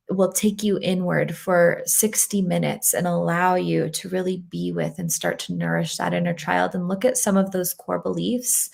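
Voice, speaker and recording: A woman speaking as a guest speaker, leading a gentle guided meditation and talking in a soothing, affirming way over a video call. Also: on the low side, gravelly. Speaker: guest speaker, energy healer. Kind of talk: guided meditation and warm talk.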